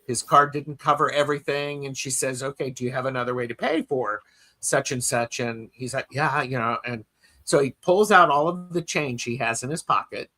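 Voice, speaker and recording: Guy hosting a chatty podcast, bright voice, lots of ums and restarts. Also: fairly high pitch. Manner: rambling storyteller, lots of fillers and restarts; reads listener comments aloud. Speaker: podcast host. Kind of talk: casual chat.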